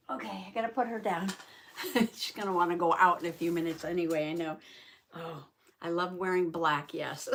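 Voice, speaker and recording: A woman hosting a craft journaling live stream, greeting viewers by name in a folksy, chatty way with soft laughs. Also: medium pitch. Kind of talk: casual live-stream chat.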